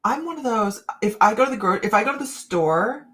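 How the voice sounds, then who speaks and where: A woman's voice: a little high, animated, a little fast, fairly bright tone. A middle-aged woman reading cards on a casual live chat, rambling and laughing often. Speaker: psychic card reader.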